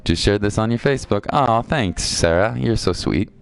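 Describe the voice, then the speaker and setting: A man with a lowish, gravelly, animated voice talks at normal speed while streaming a video game. Chatty and playful, he reads viewer comments out loud and reacts to them.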